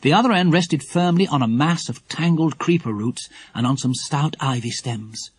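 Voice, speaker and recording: A man narrating a children's audiobook in a lively, expressive storytelling manner. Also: a little high, normal speed, slightly rough, no room sound.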